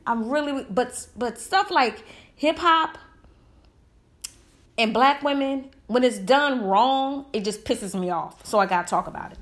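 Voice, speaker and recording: A woman's voice: fairly high pitch, a little slow, fairly bright tone. A woman giving a heated, emphatic opinion monologue full of rhetorical questions. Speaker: commentator.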